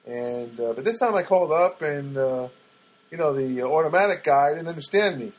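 A man with a husky, slightly rough voice tells a rambling everyday story. His delivery is chatty and wry, with loose asides and plenty of fillers. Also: on the high side, expressive, normal speed, poor audio.

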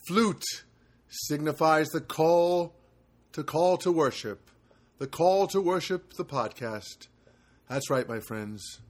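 A man's voice: on the high side, a bit bright. A man hosting a homemade podcast from his apartment, chatting casually and telling stories with lots of fillers and self-corrections. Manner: rambling storyteller with many fillers and self-corrections. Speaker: podcast host. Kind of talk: casual solo podcast chat. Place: home studio apartment. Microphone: homemade podcast setup.

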